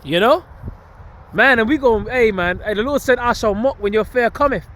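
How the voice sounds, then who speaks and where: A man's voice: high voice, moderate pace, fairly bright tone. A man preaching casually and emphatically while on a walk outdoors, with slang and frequent laughs. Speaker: street preacher vlogging. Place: outdoors on a walk among greenery.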